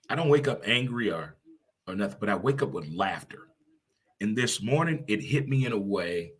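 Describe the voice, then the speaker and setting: A middle-aged man hosting a casual talk show, animated and quick to laugh, swearing casually. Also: on the low side, husky. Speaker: show host.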